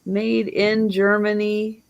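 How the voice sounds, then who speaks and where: Lady running a live online sale, talks super slow, kinda gravelly. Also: mid-range voice, flat delivery, highs cut off. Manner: slow, admiring, auctioneer-style counting.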